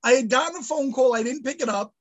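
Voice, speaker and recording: A high-pitched man tells a story in casual podcast chat. He swears often and shouts quotes in mock outrage. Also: fast, poor audio. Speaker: podcast co-host.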